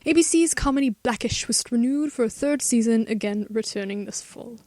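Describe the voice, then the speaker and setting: A woman's voice: on the high side, brisk, bright, forceful tone, dry recording. A teenage girl hosting a student radio show, stumbling through a script in mock Shakespearean English, laughing and whispering asides. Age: teens.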